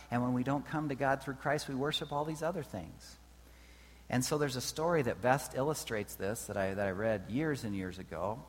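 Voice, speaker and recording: A man preaching a sermon in a conversational way, often checking in with his listeners. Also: mid-range voice. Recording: reverberant hall with faint hum.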